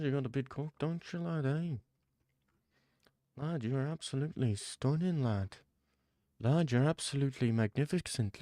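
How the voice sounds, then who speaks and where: A man's voice: medium pitch, no room sound, studio quality. Man doing a whispered role-play of a gushing northern English lad. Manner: hushed, gushing, repeats "lad".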